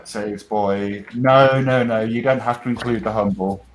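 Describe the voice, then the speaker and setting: A man's voice: lowish voice, steady tone, a little slow, rough recording. A man with a New Hampshire accent hosting a casual stream, rambling and laughing at himself. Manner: rambling, self-deprecating, laughs often. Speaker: stream host. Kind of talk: casual chat.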